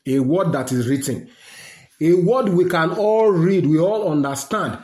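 A man's voice: fairly high pitch, expressive, unhurried, a little mellow. A man with a Nigerian accent, delivering a fiery, rambling political rant to his listeners. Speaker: political commentator. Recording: roomy echo.

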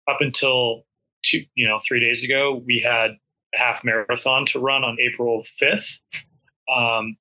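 A man's voice: medium pitch, sharp tone, dull audio. A man in casual podcast chat who rambles with many restarts and fillers.

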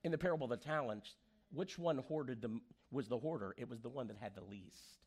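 This pastor's voice is husky and medium in pitch, and he moves along fairly quickly. Preaching through stories, he performs each quoted voice in a lively way.

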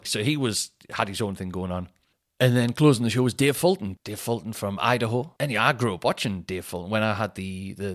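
A man, a comedian and podcast host telling stories in a rambling, sweary, animated way. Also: fairly low pitch. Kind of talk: casual storytelling chat.

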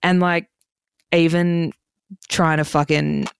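A young woman hosts her podcast with a low, gravelly voice that keeps sinking into fry. She rambles casually through her stories, swearing freely and filling every pause with "like." The sound is dry and close, with no room around it. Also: little pitch movement, no room sound. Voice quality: vocal fry. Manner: chatty, sweary, heavy use of "like". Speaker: podcast host. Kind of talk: casual storytelling monologue.

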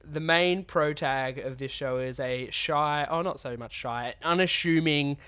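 A man hosting a podcast while sick with a cold, his voice raspy from a sore throat, talking eagerly in casual chat. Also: on the high side, a little slow, pushed and bright. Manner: enthusiastic, gushing. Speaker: podcast host.

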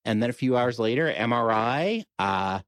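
A man's voice: mid-range voice, animated, moderate pace, a bit bright, no echo, studio quality. A middle-aged man with a New York accent, a podcast guest telling a personal story in casual conversation, with wry humor and frequent restarts.

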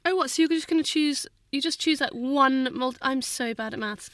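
A woman's voice: high voice, brisk, a bit bright, dry recording. A young woman co-hosting a podcast with her mother, giggly and rambling, often leaving sentences unfinished. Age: young adult. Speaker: podcast co-host. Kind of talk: casual chat.

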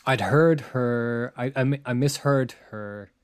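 A young man co-hosting a podcast in casual chat, laid-back and measured, often trailing off quietly. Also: medium pitch, clear, resonant tone, no echo, studio quality. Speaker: podcast co-host.

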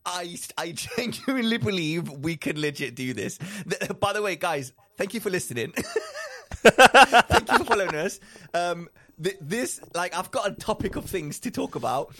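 An excitable man co-hosting a podcast, with a fairly high voice. His pitch swings widely as he talks. He gets carried away and trips over his words in the rush. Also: moderate pace, hardly any pauses. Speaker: podcast co-host. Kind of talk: casual chat.

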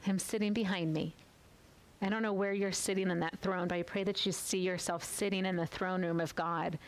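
A woman giving a tender, earnest Bible teaching for women and closing in prayer, slowing down as she reads scripture. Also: lowish voice, steady tone, low-quality recording.

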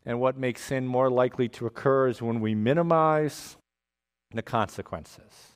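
A man preaching a sermon as a pastor, conversational and animated, often checking in with "right?" and dropping humorous asides. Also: mid-range voice, moderate pace, smooth. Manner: animated emphasis with asides and jokes.

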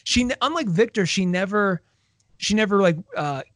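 A man co-hosting a casual chat, retelling scenes with lively acted-out quotes. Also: high-pitched, moderate pace, no room sound, studio quality. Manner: animated storyteller, acts out quoted lines. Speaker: podcast co-host. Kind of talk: casual chat about a book series.

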